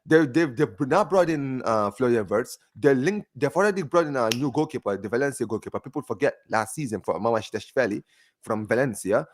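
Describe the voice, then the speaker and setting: A man's voice: mid-range voice, a little fast. A man hosting a football podcast, chatting casually and animatedly. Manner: animated, chatty, lots of fillers.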